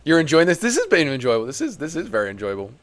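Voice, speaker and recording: A young man hosts a live fight watch-along, chatting and joking as he answers viewers. His voice sits a little high for a man. It is clear and smooth. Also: huge pitch swings, very fast. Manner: chatty, jokey, answering chat. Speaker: host.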